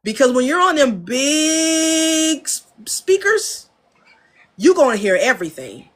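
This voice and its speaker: Frank, animated American woman producer. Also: sits high, slow. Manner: animated storyteller, acts out studio dialogue; frank, laughs often. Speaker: audio engineer and producer, guest. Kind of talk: casual interview talk. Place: home studio.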